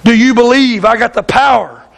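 Calm, slow voice of God from above, acted by a preacher, high-pitched. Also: male voice, creaky. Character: God speaking calmly from above. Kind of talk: acted story in a sermon.

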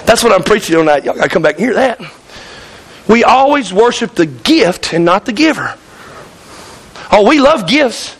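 A man's voice: sits high, big pitch swings, normal speed, long pauses, a bit bright, husky. A male pastor preaching a fiery sermon in church, hollering and calling out to the congregation. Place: church sanctuary.

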